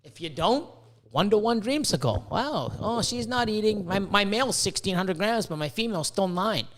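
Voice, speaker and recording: A Canadian man hosting a podcast, ranting excitably with lots of swearing and stumbling restarts. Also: sits high, moderate pace. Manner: profane, excitable, with many restarts. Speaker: podcast host. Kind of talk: casual podcast rant.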